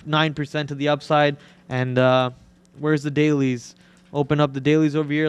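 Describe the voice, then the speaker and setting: Male trading-show host, smooth, somewhat high voice, loose joking delivery with restarts. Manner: joking, rambling, repeats words. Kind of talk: casual live trading chat.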